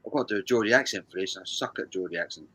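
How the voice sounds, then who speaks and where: With a low, bright, forceful voice and rapid-fire delivery, a man runs a charity music quiz on a live stream. He reads viewers' answers and banters, swearing and laughing a lot.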